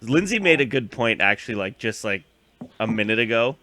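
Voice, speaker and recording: A man's voice: fairly low pitch, expressive, fairly quick, sharp tone, no echo. A young man co-hosting a casual recap chat, rambling with lots of fillers and acting out scenes. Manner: rambling, filler-heavy, acts out scenes in funny voices. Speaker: podcast co-host.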